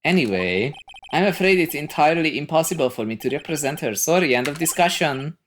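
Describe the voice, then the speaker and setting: A woman voicing a pompous, evasive old male lawyer with a grand, drawn-out delivery. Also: sits low, expressive, slight background noise, voice pushed up.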